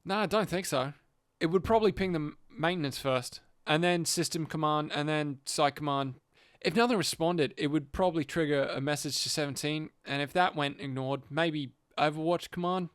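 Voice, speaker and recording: Man reading field agent, steady, explanatory, dry recording. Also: on the high side, moderate pace, smooth, dry recording, natural voice. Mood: explaining. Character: male field agent explaining site systems.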